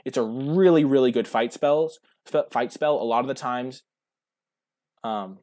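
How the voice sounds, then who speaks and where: A man's voice: medium pitch, measured pace, warm tone. A man giving casual commentary while drafting cards, thinking aloud and answering his chat. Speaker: streamer.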